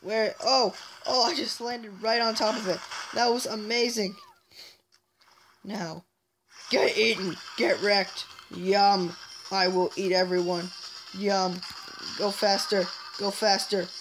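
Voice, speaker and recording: Slow, playful woman narrating her gameplay. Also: mid-range voice, fairly even intonation, noisy background. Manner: playful, chatty, mock-villain taunts at enemies. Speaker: gameplay commentator. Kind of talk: casual let's-play commentary.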